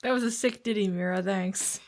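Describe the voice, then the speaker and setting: A woman's voice: medium pitch, a little fast, background noise. A woman introducing herself as a player on a tabletop game podcast, wry and laughing. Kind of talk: casual podcast chat.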